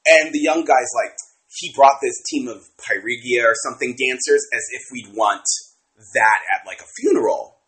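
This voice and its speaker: A man co-hosting a casual podcast, critiquing a book in an animated way, swearing freely and acting out quotes. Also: medium pitch, moderate pace, rough recording. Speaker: podcast co-host.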